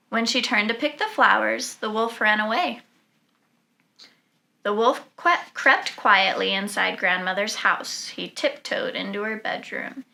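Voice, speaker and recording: A woman reading a children's storybook aloud in an animated, expressive way. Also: medium pitch, vocal fry. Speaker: storybook reader.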